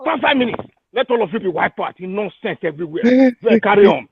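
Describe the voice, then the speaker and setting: A man's voice: high voice, animated, quick pace, slight background noise. Furious Nigerian man on a tinny phone line. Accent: Nigerian English. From Igbo region of Nigeria. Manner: furious, shouting, repeats insults. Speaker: caller. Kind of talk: angry call-in rant.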